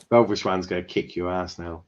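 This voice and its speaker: A man, a referee guest on a live stream, talking in a blunt, opinionated, casual way and laughing at his own stories. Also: deep voice.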